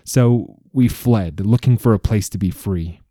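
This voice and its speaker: A man voicing a weary, fearful caravan leader who speaks haltingly. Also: lowish voice, dark tone, dry recording, studio quality.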